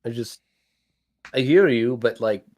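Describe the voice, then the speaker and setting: Chill guy playing a tabletop game, mid pitch, kinda hesitant, plain voice. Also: measured pace, darkish tone, dull audio. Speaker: player. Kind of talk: tabletop role-play chat.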